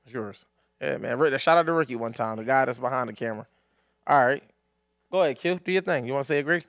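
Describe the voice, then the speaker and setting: A young man co-hosting a podcast, telling casual stories with plenty of swearing and loud laughs. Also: medium pitch, fast, gravelly, dry recording, clean studio sound. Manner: animated storyteller, swears freely, laughs loudly. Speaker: podcast co-host. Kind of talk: casual chat.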